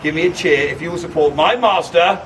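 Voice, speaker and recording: A man performs a comic costumed show at a castle gate, teasing the audience and leading shouted battle cries. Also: fairly high pitch, fairly quick. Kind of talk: live comic crowd-work show. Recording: distant handheld recording with loud wind. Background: crowd of visitors and wind noise.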